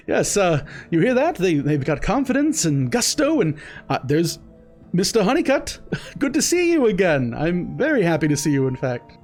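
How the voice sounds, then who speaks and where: A man putting on a high, stammering voice for a fussy, eager merchant in a tabletop game. He trips over his words and gushes, his pitch pushed far up. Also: big pitch swings, normal speed, a little mellow, soft background music. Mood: gushing.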